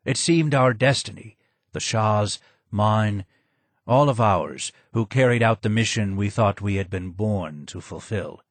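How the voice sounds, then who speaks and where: A ruined older man speaks from the shadows in a low, hoarse voice, as a male reader puts him on. He is slow, subdued and more sad than angry. The sound is dry and close. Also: expressive, no room sound. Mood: sad, grim. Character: broken, maimed older man, former royal advisor.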